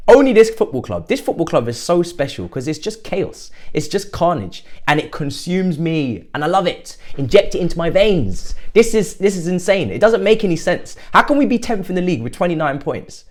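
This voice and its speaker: Giddy, lively young man. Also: on the high side. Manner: giddy and excitable, with sudden loud outbursts. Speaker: football fan channel host. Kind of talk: excited fan reaction monologue.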